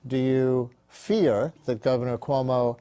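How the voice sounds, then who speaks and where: A man hosting a TV interview, reading a measured scripted intro then asking quick questions in a studio. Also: medium pitch, steady tone, warm tone, smooth. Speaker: host.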